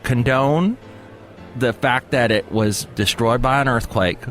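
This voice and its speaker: A man hosting a podcast, chatting casually in a rambling, halting way with plenty of fillers. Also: mid-range voice, fairly bright tone, faint music behind. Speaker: podcast host. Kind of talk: casual chat.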